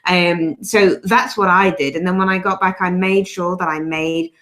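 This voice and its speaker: Podcast host, woman, lively storyteller who acts out bits of dialogue. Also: fairly low pitch, normal speed. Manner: animated storyteller, acts out quotes. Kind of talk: casual podcast conversation.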